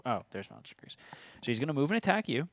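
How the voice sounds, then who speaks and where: A man's voice: medium pitch, very animated, fast talker, no room sound. A man hosting a tabletop game stream, reading rules aloud and teasing his co-player. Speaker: game host. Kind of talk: casual tabletop game play.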